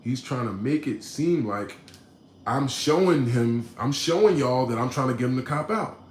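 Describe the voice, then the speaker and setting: A man streaming to his chat and telling a story in an animated, slangy way, often tossing in "right?". His voice sits in the middle of the male range. The room sounds echoey, with a faint ambience behind him. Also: mid-range voice, normal speed, slight background noise. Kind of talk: casual storytelling to a live chat.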